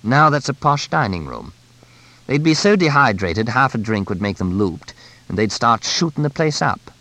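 A man's voice: mid-range voice, big pitch swings, moderate pace, bright, forceful tone, no echo, voice pushed up. A man voicing a jovial, breezy middle-aged bush pilot who has settled in Kenya, in an audiobook. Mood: amused. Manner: chuckling, breezy, expansive.

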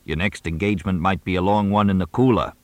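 A man's voice: fairly even intonation, fast, no room sound, lightly acted. A man voicing a pompous, befuddled old male stage actor who is drunk. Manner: grandiose, muddled, booming.

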